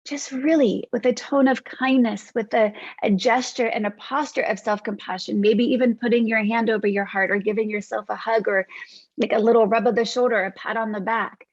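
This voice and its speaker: A woman hosting a reflective podcast monologue, speaking in a gentle, reassuring way as a counselor to her listeners. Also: a little high, fairly even intonation, no room sound, lo-fi sound. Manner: gentle, reassuring, unhurried lists.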